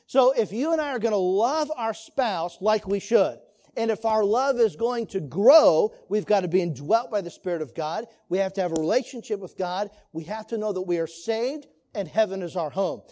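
A man's voice: sits high, lively intonation, normal speed, dark tone. A man teaching a church class on marriage in a sermon style, earnest, putting questions to the listeners. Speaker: Sunday school teacher.

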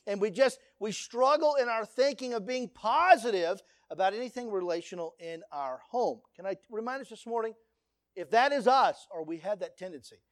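A man's voice: very high voice, no room sound, clean studio sound. A man preaching a sermon to a congregation, earnest and direct, telling stories to make his point. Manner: earnest, preachy, lively storytelling. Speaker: pastor.

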